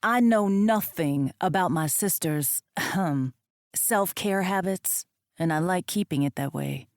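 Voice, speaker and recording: A woman voicing a calm, easygoing boyfriend. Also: lowish voice, a little slow, dry recording, studio quality. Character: calm, affectionate young boyfriend.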